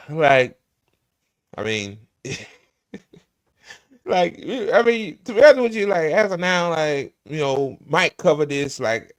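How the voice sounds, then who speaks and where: A man's voice: mid-range voice, a bit bright. A man reacting to a hearing clip with profane, laughing, rambling commentary full of stammered restarts. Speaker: reaction streamer.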